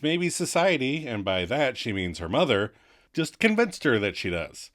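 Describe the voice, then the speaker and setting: Guy cohosting a tv rewatch podcast, sarcastic and jokey, bright voice, swears a lot. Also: mid-range voice, very animated, normal speed. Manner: joking, sarcastic, swears casually. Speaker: podcast co-host. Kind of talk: casual rewatch podcast chat.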